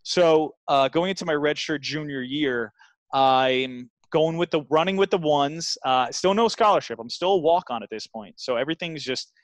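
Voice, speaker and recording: A man in his thirties from New Jersey tells his story as an interview guest. He is earnest and animated, often restarting his sentences, and his voice sits a little high. The sound is dry and close to the mic. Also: normal speed, dry recording.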